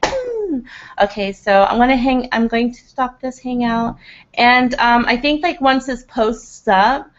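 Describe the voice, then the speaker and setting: A woman's voice: fairly high pitch, lively intonation, a little slow. Chatty rambling woman streaming to viewers. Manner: rambling, laughs often, many "like" fillers. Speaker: livestream host. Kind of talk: casual chat with viewers. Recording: slightly dull lo-fi webcam audio.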